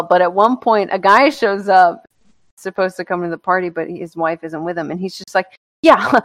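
A woman's voice: lowish voice, dry recording. A young woman co-hosting a podcast, telling a rambling, profane story in casual chat. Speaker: podcast co-host.

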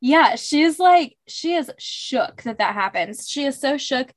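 A woman's voice: high voice, expressive, a little slow. A woman co-hosting a podcast, chatting casually through a book recap with many filler words. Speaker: podcast co-host.

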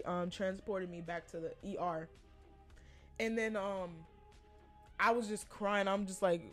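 A young woman hosting a podcast, casually telling a personal story with lots of animated asides and quoted voices. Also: medium pitch. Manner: chatty, animated retelling with quoted voices and laughs. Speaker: podcast host.

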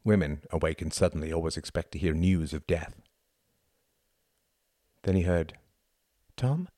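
Deep-voiced man narrating a novel. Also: fairly even intonation, dry recording, studio quality. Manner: quiet, measured storytelling. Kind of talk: audiobook narration.

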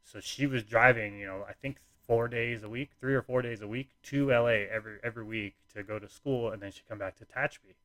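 A man's voice: medium pitch, fairly even intonation, fast, few pauses, sharp tone, no room sound. A young man casually telling a personal story, rambling with lots of fillers and restarts.

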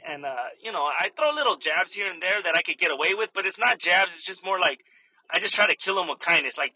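A young adult man and stand-up comedian, telling a story in a casual vlog with lots of swearing and animated impressions. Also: on the high side, no room sound, rough recording.

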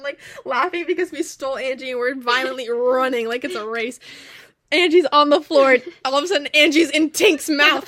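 A young woman co-hosting a casual chat, telling a story in an animated, swearing way and laughing often. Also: sits high, no room sound, clean studio sound. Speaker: co-host.

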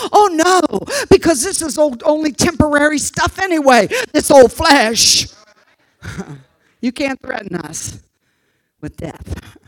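An older woman preaching a sermon, swinging from fervent shouted exhortation to soft, confiding asides, often stumbling over repeated words. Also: high-pitched.

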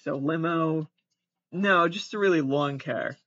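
A man's voice: on the high side, unhurried, sharp tone, no echo. Agitated swearing man, dry lo-fi sound. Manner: agitated, swearing, exclaiming in alarm. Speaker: podcast host. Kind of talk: casual reaction commentary.

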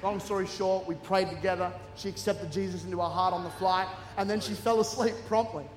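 A man's voice: high voice, fairly quick. A man with an Australian accent preaching a sermon, telling funny self-mocking stories with bursts of laughter. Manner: humorous, animated, self-mocking storytelling with laughter. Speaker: guest preacher. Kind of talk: storytelling sermon. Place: large church hall with congregation. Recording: echoey hall, faint ambience.

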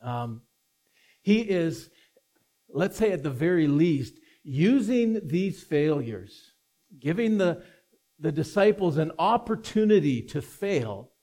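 A man preaching a sermon as pastor, earnest and deliberate, stressing key words as he reads scripture. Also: fairly high pitch, sing-song, dark tone. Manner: earnest, slow and deliberate with emphatic rises. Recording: mains hum.

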